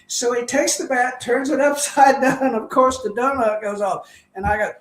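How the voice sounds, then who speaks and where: An older man, once a baseball player, appears as a guest telling stories casually over a video call. His voice is very high-pitched, gravelly and a bit bright, at a moderate pace, and he rambles through anecdotes, chuckling often. The room is echoey, with a little hiss or hum.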